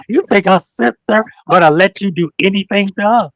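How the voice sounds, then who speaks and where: A man with a somewhat high voice preaches and calls people out on a livestream, hammering home each point with repetition. He acts out other people's words in mocking asides, and his voice sounds close and dry, with no room echo. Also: fairly quick, hardly any pauses. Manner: emphatic, preachy, addresses people directly and repeats phrases; slangy, animated storytelling with mock quotes. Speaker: guest on a livestream talk show. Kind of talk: heated livestream call-out talk.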